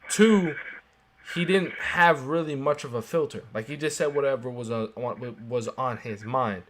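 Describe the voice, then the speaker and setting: A man's voice: mid-range voice, moderate pace, a bit bright, slight background noise. A man co-hosting a podcast in casual chat, blunt and emphatic in his opinions. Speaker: podcast co-host.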